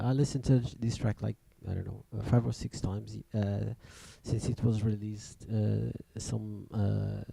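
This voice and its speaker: Gravelly, dark-voiced man hosting a music show. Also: medium pitch, no echo. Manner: rambling, hesitant, many restarts. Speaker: radio show host and DJ. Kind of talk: casual chat on a livestreamed music show.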